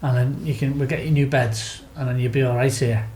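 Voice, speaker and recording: A man's voice: mid-range voice, steady tone, a little fast, a little mellow, reverberant, slight background noise, rough recording. A Scouse man from Liverpool telling a wild story as a podcast guest, laughing often, swearing freely and acting out what people said. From Liverpool, England. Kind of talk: casual anecdote telling.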